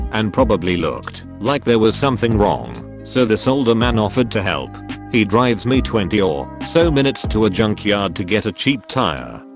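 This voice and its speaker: A man reading short online stories aloud as a steady, unhurried scripted narration. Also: on the low side. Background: soft background music.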